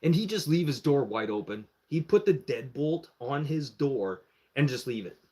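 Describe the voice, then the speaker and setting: A man in the middle pitch range tells a story on a live stream. He talks loosely and swears a lot. He keeps slipping into the voices of the people in his story. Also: normal speed. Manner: animated, profane, acts out the voices of others. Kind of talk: casual storytelling.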